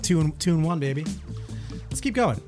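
A man's voice: fairly high pitch, animated, fairly quick. A man co-hosting a podcast, running a music guessing game in casual, playful banter full of teasing and swearing. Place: small room with a window.

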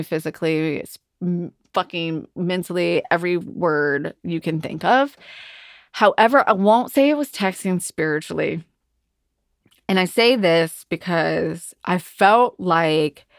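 Thirties woman host, low voice, candid emotional monologue, swears freely, dry close sound. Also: vocal fry, no echo. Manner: emotional, frank, swears often. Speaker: podcast host.

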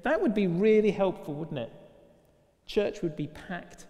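A man's voice: high-pitched, animated, unhurried, warm tone. Male preacher, raised voice, conversational sermon with rhetorical questions; long church reverb.

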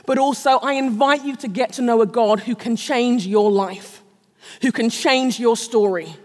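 A woman's voice: on the high side, moderate pace, a little mellow. A middle-aged woman preaching a sermon, telling a personal story with self-mocking humor and frequent laughter. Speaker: speaker at a Christian gathering. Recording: long reverb of a large hall.

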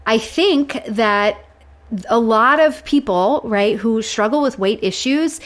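A woman's voice: on the high side, takes it slowly. A woman co-hosting a podcast, chatting casually about sitcoms and acting out quoted lines with energy. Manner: animated, acts out quoted lines. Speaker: podcast co-host.

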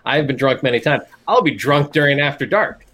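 A man's voice: on the high side, animated, a little fast, a bit bright. A man co-hosting a casual podcast, reading out news stories and adding wry, joking asides. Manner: wry, reads news items with jokey asides. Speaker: podcast co-host. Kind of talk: casual news-commentary chat.

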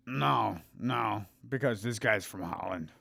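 A man's voice: lowish voice, slow, gravelly, pushed and bright, dry recording, clean studio sound. A man co-hosting a podcast in casual, crude banter, rambling and joking, a few drinks in. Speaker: podcast co-host.

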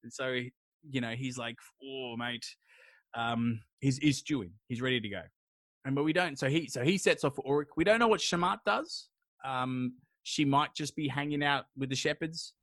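A podcast host, a man, retelling an old epic in a rambling, crude, jokey way, slipping into quick voices for the characters. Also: mid-range voice, fairly bright tone, no echo. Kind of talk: casual storytelling chat.

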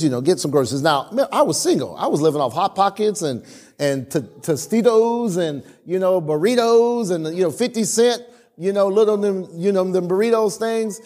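A man preaching a sermon and telling stories from his marriage, acting out his own lines and calling on the congregation to answer. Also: on the high side. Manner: animated storytelling with acted-out quotes; calls for responses from the congregation. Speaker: pastor.

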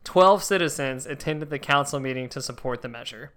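A man co-hosting a podcast in casual banter, joking around and slipping into loud put-on rural voices. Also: mid-range voice, a little fast, smooth. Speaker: podcast co-host.

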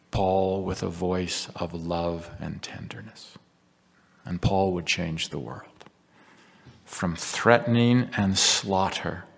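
A deep-voiced man with a gravelly, husky tone gives a slow, earnest devotional talk. His voice rings with the long reverb of a large hall. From United States. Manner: reflective, earnest storytelling with scripture readings. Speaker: religious speaker.

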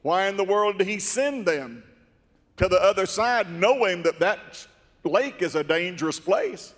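A man with a high-pitched voice delivers a fervent, storytelling sermon that swells into emphatic shouts. His voice rings out with long reverb through a large church sanctuary. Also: animated, unhurried. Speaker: preacher.

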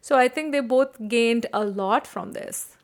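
A woman co-hosting a casual film review chat, animated and opinionated, laughing often. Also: on the high side, a little slow. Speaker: podcast co-host.

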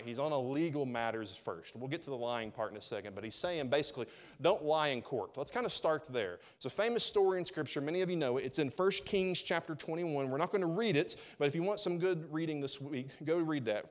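A pastor preaching a sermon in a conversational, joking way, full of rhetorical questions to the congregation. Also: male voice, a little high.

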